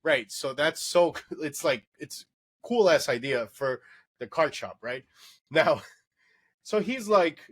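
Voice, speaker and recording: A man hosting a casual late-night podcast, telling an animated story with lots of swearing and laughter. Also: mid-range voice, unhurried. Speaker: podcast host.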